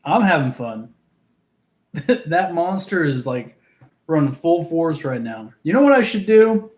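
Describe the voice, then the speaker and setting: A man's voice: fairly high pitch, very animated, unhurried, a little mellow. A man from Oklahoma hosting a casual fishing livestream, chatting, giggling and reading viewers' comments aloud. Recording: roomy echo.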